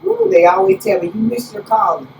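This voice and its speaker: A woman apostle preaching a conversational sermon, telling stories with lively preacherly exclamations. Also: a little high, brisk, vocal fry. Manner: animated storytelling, preacherly exclamations. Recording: roomy, distant, faint background hiss.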